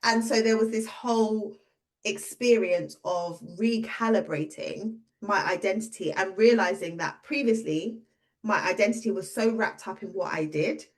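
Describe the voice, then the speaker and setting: A woman in her thirties, a business owner and coach, telling a personal story in a casual conversation and acting out the dialogue. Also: normal speed. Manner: lively, acts out quoted dialogue with pitch jumps.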